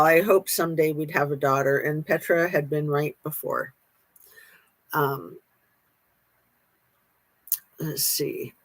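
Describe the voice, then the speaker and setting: A woman's voice: low voice, fairly even intonation, unhurried, no room sound, low-quality recording. Casual woman host, dry close sound. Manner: casual, with fillers and self-corrections. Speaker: channel host reading a memoir aloud. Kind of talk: reading aloud, then chatting with viewers' comments.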